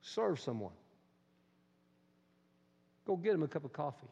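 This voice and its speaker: Gravelly man preaching in a big hall. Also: unhurried, lo-fi sound. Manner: emphatic, bursts into high excited exclamations. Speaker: pastor. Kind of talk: sermon.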